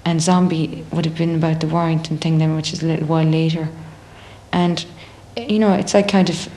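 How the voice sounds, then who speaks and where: A young woman with an Irish accent and a low voice. She talks freely and animatedly in a casual interview, slipping into other people's voices as she tells stories. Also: brisk, slight background noise. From Ireland. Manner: chatty, animated, acts out others' voices in quotes. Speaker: singer in a band.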